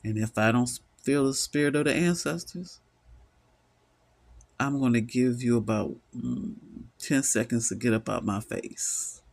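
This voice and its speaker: A man's voice: mid-range voice, animated, measured pace, gravelly. A middle-aged man giving an impassioned solo monologue, weary, emphatic and repetitive as he stresses his points. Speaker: vlogger.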